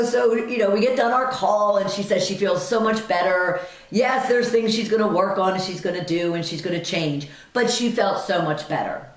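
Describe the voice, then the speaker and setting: A woman's voice: mid-range voice, recorded from a distance. A woman hosting a radio talk show, telling a personal story in a chatty way with many asides and fillers. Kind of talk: casual storytelling monologue. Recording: echoey room, voice off-mic.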